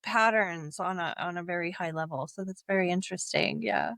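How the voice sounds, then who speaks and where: A woman's voice: lowish voice, fairly quick, creaky, a bit bright, dry recording, studio quality. A woman hosting an interview, musing over a question in a reflective way. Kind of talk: casual interview chat.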